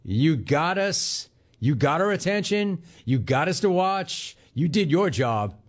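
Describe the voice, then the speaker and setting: A man hosting a sports talk radio show, talking in a conversational, emphatic way with quick bursts and repeated words. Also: a little high, very animated.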